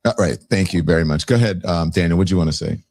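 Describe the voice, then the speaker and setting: A man hosting a panel show, calmly clearing up a point and handing the floor back. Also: low-pitched, dry recording. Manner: measured, clarifying, conciliatory. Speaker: show host. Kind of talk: live panel moderation.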